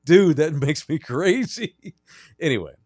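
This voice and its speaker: A man's voice: mid-range voice, animated, normal speed, no echo, clean studio sound. A man co-hosting a sports podcast, telling stories in a blunt, profane way. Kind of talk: casual sports chat.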